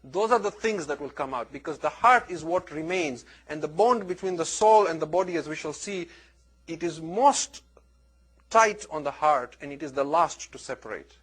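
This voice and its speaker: A man's voice: on the high side, lively intonation, normal speed. Emphatic male religious lecturer. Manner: storytelling, emphatic with dramatic rises and drops.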